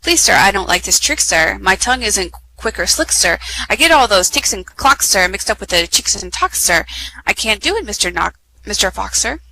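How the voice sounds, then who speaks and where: A woman's voice: medium pitch, big pitch swings, moderate pace, gravelly, bright, forceful tone, a little hiss or hum, exaggerated voice, poor audio. A woman voicing a fussy, fed-up man in a rhyming picture book who whines and complains in a tired, pleading way. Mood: complaining. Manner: whiny, complaining.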